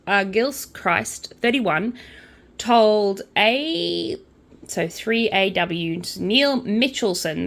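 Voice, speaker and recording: A young woman hosting a casual crochet and true-crime channel, reading news items aloud and adding chatty asides. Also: medium pitch. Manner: chatty, with asides and quiet counting under her breath.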